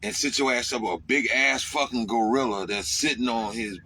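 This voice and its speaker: Here the trucker's voice sits at medium pitch and moves fairly quickly, with slight background noise. His casual rant to camera is profane and animated, punctuated by yelled outbursts.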